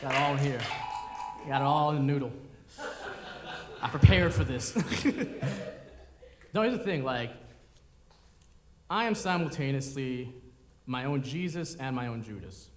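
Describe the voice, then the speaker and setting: A man's voice: mid-range voice, expressive, measured pace, long pauses. A young man performing a confessional, rambling, self-deprecating comedy monologue live on stage. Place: performance venue in front of an audience. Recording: live hall reverb with room noise.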